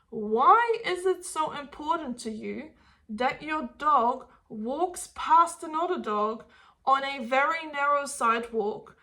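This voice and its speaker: A woman's voice: high voice, pushed and bright. A woman dog trainer giving blunt advice to camera, swearing and firing rhetorical questions.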